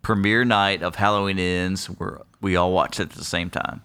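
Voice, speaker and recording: Chill dad talking on a podcast, lowish smooth bright voice, jokey. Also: male voice, fairly even intonation, moderate pace. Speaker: podcast co-host. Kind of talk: casual chat.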